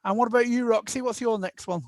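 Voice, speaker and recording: A man with a notably high voice hosts a relaxed book club conversation. He asks his guests friendly questions and tends to repeat words as he goes. The sound is close and dry. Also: fast talker, dry recording. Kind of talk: casual chat.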